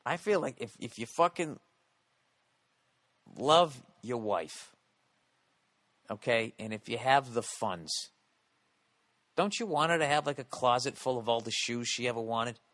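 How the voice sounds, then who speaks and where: A man's voice: medium pitch, expressive, unhurried, pauses often, a bit bright, no room sound. Blunt foul-mouthed podcast host, a man. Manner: swears constantly, blunt. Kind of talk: profane casual podcast rant.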